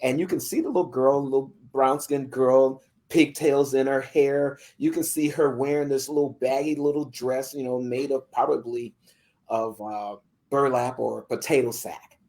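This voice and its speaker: A podcast guest telling a story in conversation, vivid and animated, with many fillers. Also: mid-range voice, normal speed.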